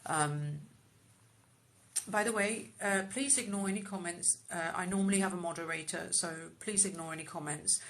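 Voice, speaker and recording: A woman doing a live-stream psychic reading into a phone, murmuring repeated phrases with many soft ums. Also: lowish voice, moderate pace.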